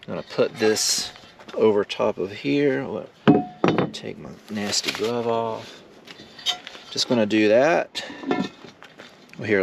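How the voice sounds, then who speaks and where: A man vlogging casually while camping alone, talking slowly and loosely with lots of fillers. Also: lowish voice, vocal fry, very noisy. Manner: slow, rambling, laid-back talk with many fillers. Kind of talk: casual solo camping vlog. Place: outdoors at a windy campsite.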